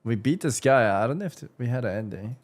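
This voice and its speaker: A man's voice: mid-range voice, fast talker. A man chatting casually on a live stream, reacting to a video, talking to chat and swearing as he gets worked up. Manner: excitable, swearing, talks to chat, rises into loud outbursts.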